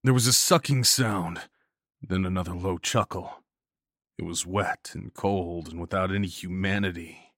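Slow, deep-voiced male horror narrator. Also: fairly bright tone, dry recording, studio quality. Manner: slow, grave storytelling with pauses.

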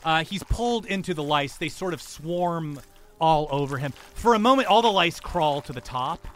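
A man's voice: on the high side, lively intonation, moderate pace, fairly bright tone. Playful man running a tabletop game. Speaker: game master.

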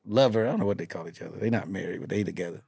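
Man, podcast host, gravelly voice, dry close sound, animated profane storytelling. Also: sits low, rapid-fire, no echo. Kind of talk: casual chat.

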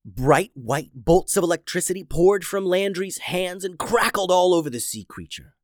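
Male storyteller for kids, very lively pitch, dry close sound. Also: normal speed, no room sound. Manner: animated, dramatic storytelling. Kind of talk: scripted children's story narration.

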